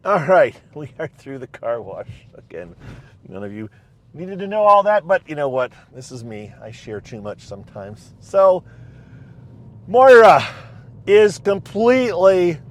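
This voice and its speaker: A man's voice: on the high side, big pitch swings, a little slow. A man casually recapping a TV show from inside his car, rambling with lots of fillers and restarts. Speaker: recap vlogger.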